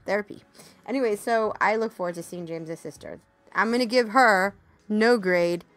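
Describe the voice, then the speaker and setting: A woman's voice: mid-range voice, a bit bright. Chatty woman podcast host, faint music. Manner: chatty and candid, swears casually, laughs easily. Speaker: podcast co-host reviewing a TV series. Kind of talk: casual podcast review.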